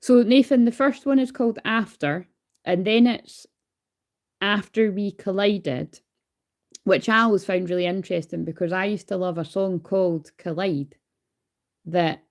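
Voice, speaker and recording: A hyper woman chats through a casual card reading on a livestream, talking into her phone. She swears freely and keeps up an easy, informal patter at a middling pitch. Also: a little slow, a little mellow. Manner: chatty, swears freely, calls herself hyper. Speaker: tarot card reader.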